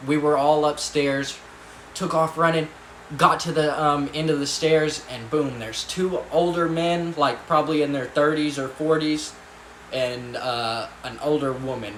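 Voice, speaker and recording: A man's voice: mid-range voice, a bit bright. Man, casual storytelling, swears a lot, rambling, echoey room, faint background hum. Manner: profane, laughing, rambling with many fillers. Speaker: vlogger telling a story.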